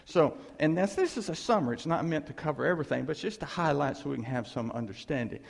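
A male pastor giving a conversational sermon, animated, checking in with the listeners and asking "okay?" again and again. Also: on the high side, fast talker, creaky, in a large hall.

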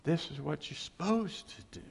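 Gravelly pastor preaching in a reverberant church. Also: male voice, on the high side, animated, normal speed, slight background noise. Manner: earnest, repeats key phrases, swings from loud to quiet. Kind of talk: sermon. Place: church sanctuary.

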